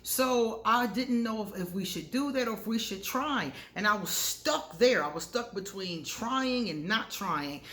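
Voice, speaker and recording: A woman's voice: medium pitch, animated, measured pace, hardly any pauses, fairly bright tone. A woman hosting an astrology channel, telling personal stories in a candid, casual way and often laughing at herself. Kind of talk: casual storytelling to camera. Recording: echoey room.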